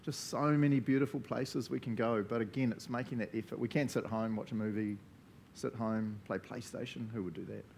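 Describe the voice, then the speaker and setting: A man in his thirties with a New Zealand accent, leading a relaxed church talk and prayer, chatty and often tagging his sentences with "eh?". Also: medium pitch, a little fast, creaky, slight background noise. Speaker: church leader. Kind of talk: casual sermon with group discussion. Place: church gathering.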